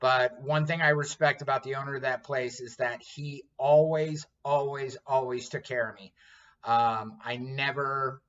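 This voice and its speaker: A man's voice: mid-range voice, fairly even intonation, unhurried, fairly bright tone. A man in his fifties, a chef, telling a story in casual chat, blunt and profane. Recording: dull lo-fi sound.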